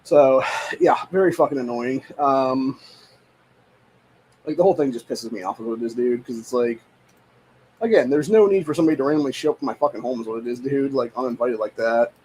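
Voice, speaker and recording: A man's voice: medium pitch, a little mellow, slight background noise. A young man at home, ranting in a casual, profane, exasperated way with lots of repetition. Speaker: podcast host. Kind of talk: casual rant.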